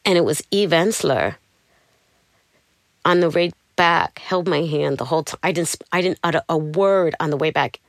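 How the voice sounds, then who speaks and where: A middle-aged woman telling her personal story in an interview, animated and acting out the people she quotes. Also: low voice, moderate pace, no echo, clean studio sound. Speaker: interview guest.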